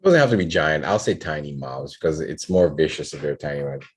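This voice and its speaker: A man drafting a story aloud while typing, halting and correcting himself as he goes. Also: extremely low pitch, lively intonation, breathy edge, rough recording. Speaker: writer. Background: keyboard typing.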